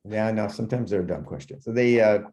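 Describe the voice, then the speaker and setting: A man student asking a question in class, hesitant and halting with fillers. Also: on the low side, warm tone.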